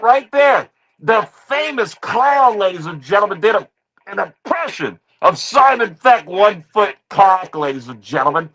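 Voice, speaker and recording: On a low-quality recording, a streamer with a high-pitched male voice hosts a reaction stream. His delivery is a mocking rant in which he keeps saying "ladies and gentlemen" again and again.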